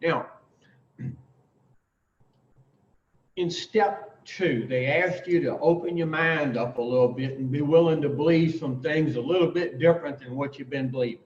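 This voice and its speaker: A man with a slightly high voice leads a recovery class, laying out the steps with emphatic, drawn-out pauses and plain, profane bluntness. He sounds distant from the mic, in a roomy space with a dull, lo-fi tone. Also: a little mellow, slight background noise. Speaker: recovery speaker teaching the twelve steps. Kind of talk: informal recovery talk to a group.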